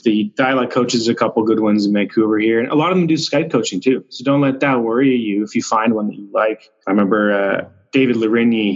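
Male actor guest, lowish voice, loose rambling chat, slightly muffled recording. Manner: relaxed, rambling, with frequent restarts and fillers. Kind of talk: casual podcast chat. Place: Vancouver.

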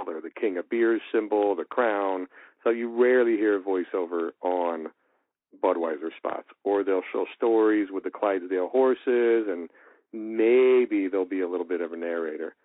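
Animated male voice actor on a tinny line. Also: low voice, no room sound. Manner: animated, acts out quoted dialogue. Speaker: voice actor guest. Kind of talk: casual storytelling in an interview. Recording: tinny phone-like line, dry.

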